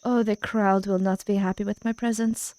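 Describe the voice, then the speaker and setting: A woman's voice: medium pitch, flat delivery, normal speed, a little mellow, dry recording, lightly acted. A woman reading as an aloof village witch.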